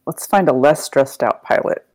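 A woman's voice: a bass voice, moderate pace, darkish tone. A woman playing a tabletop game, making wry asides and laughing. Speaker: player. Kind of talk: casual tabletop gaming chat.

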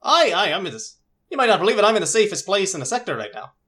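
A woman's voice: mid-range voice, sing-song, rapid-fire, fairly bright tone, voice pushed up. A woman voicing an eager man calling his sister over a radio. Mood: boastful. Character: excited man on a crackly radio link, a brother.

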